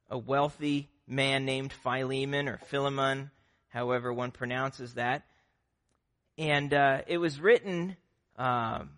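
Bright-voiced man preaching a sermon. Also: mid-range voice. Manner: earnest, conversational preaching with fillers and restarts. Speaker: pastor.

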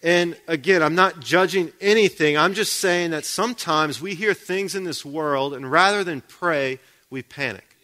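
Man, sermon, conversational, questions to congregation, bright voice. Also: fairly high pitch, normal speed. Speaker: preacher.

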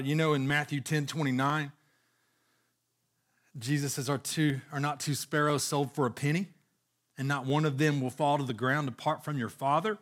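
A man preaching a sermon, earnestly reading scripture aloud with frequent restarts. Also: on the high side. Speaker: pastor.

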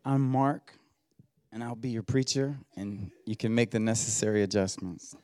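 A man's voice: on the low side, moderate pace, darkish tone. A middle-aged man preaching a sermon in a church as a guest preacher, folksy and humorous, rising to emphatic exhortation. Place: church sanctuary.

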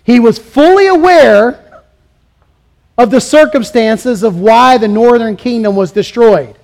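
Male pastor with a high voice, preaching emphatically and questioning his listeners. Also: unhurried, a little mellow. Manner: emphatic, rhetorical questions, acts out quoted voices. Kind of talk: sermon.

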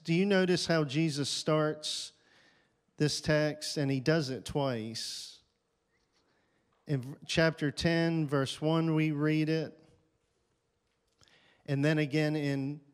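A male pastor preaching a sermon, repeating key phrases with rising force and pausing for effect. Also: a little high. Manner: slow, deliberate delivery with dramatic pauses.

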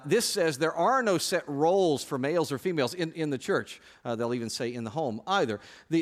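A male pastor preaching a sermon with emphatic delivery, often repeating words and restarting phrases. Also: on the high side.

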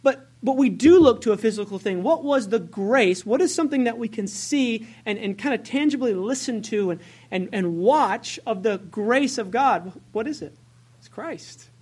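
A woman's voice: fairly high pitch, expressive, moderate pace, darkish tone, husky. A woman preaching a sermon in a conversational way, asking the congregation questions and correcting herself as she goes.

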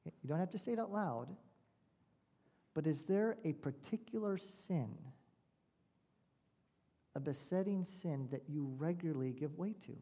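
Pastor preaching in an echoing hall. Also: male voice, on the high side, animated, dark tone. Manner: storytelling, rhetorical questions, slow deliberate pauses. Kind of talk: sermon. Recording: long reverb of a large hall.

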